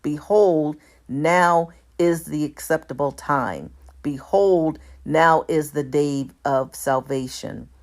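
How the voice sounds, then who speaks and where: Woman, low voice, unhurried document reader, steady and careful, with small self-corrections. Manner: reads out formatting marks like "all caps" and "lowercase"; measured, deliberate delivery with small self-corrections. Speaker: commentator. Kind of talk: reading a document aloud.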